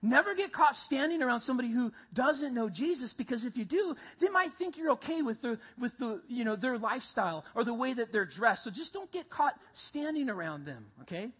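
Preacher, husky, punchy repetition, talks straight to the congregation. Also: mid-range voice, sing-song, brisk, few pauses, a bit bright. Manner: emphatic, repeats key lines, addresses audience as guys. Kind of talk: sermon.

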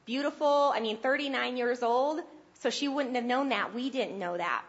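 A woman with a high voice preaches a sermon in an earnest, conversational way, lifting her voice to press a point home. The sound is dull and low-fidelity. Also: normal speed. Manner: earnest and conversational, rising with emphasis.

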